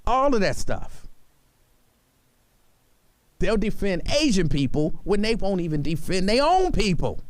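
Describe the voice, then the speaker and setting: A man hosts a radio talk show with a lively, swooping voice that sits a little high for a man. He argues in a mock-serious, animated way, close to a dry studio mic. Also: measured pace, pauses often, dry recording. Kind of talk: casual talk radio banter.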